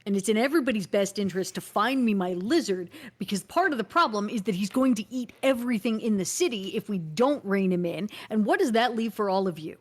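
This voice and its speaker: A woman at a middling pitch, speaking in character at a tabletop game. She is earnest and pleads her case, at times hesitating over fillers while she thinks. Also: lively intonation, brisk, hardly any pauses. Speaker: player. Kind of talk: in-character tabletop role-play.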